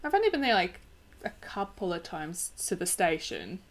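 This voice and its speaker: A woman's voice: fairly low pitch, normal speed. A woman, co-hosting a casual book chat podcast and lightly mimicking others. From South Africa. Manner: lively, playfully mimics others. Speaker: podcast co-host.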